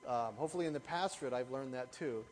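A man's voice: medium pitch, quick pace, big-room sound, slight background noise, poor audio. A middle-aged male pastor preaching a sermon, telling stories with animation and asking the congregation rhetorical questions.

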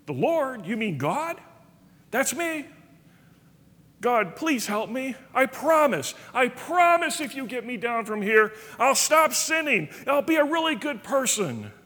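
A man's voice: sing-song, measured pace, full character voice. A man doing a desperate cliff-hanger pleading for help. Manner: pleading, high and shouting. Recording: reverberant hall.

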